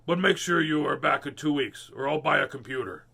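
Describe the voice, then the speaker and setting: A man's voice: fairly high pitch, fairly quick, vocal fry, pushed and bright, husky, full character voice. A man reading a storybook aloud, voicing a cross, grumbling office boss. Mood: grudging.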